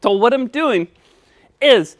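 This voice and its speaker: A woman voicing an excitable young puppet boy who lisps, turning his S sounds into T sounds. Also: fairly high pitch, slow, dry recording, voice pushed up. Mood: eager. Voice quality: lisp that turns S into T. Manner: bouncy, eager and easily overexcited.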